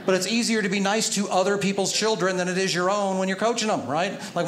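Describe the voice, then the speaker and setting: A man's voice: high voice, fast talker, hardly any pauses. A man doing a stand-up comedy set, telling stories and acting out the people in them. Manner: animated storytelling, acts out his son and other parents. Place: theater stage before a live audience. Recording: roomy hall with audience laughter. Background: crowd laughter.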